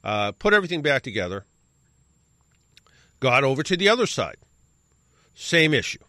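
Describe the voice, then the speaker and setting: A middle-aged man hosts a radio show and tells a long, casual story. His pitch swings up and down a lot. He corrects himself often and adds wry asides, and his voice sounds dry and close. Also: big pitch swings, normal speed, bright, forceful tone, no echo. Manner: rambling, self-correcting anecdote with wry asides.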